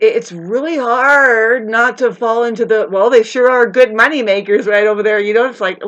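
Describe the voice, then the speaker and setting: Woman ranting profanely, rambling to camera. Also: dull audio. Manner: profane, rambling, swings between loud rants and low mutters. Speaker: astrology vlogger. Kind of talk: rambling spiritual monologue.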